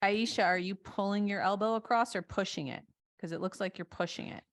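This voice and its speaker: A woman's voice: medium pitch, fairly quick. A woman co-teaching a live online stretching class, asking her partner questions and encouraging the participants. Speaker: co-instructor.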